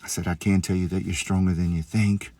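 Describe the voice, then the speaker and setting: A man with a fairly low voice tells a story as a police officer. His delivery is sincere and encouraging. The sound is close and dry. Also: little pitch movement, a little fast, mellow, no echo. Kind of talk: heartfelt storytelling monologue.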